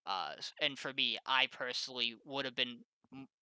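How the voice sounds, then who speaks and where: Young male host, easygoing, crisp and dry. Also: medium pitch, normal speed, bright, forceful tone, no room sound. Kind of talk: casual chat.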